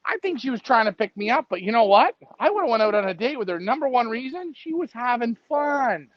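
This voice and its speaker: A man's voice: very high-pitched, very animated, brisk, dry recording. A man co-hosting a casual live stream, rambling and joking and laughing often. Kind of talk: casual chat. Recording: dry, dull lo-fi stream audio.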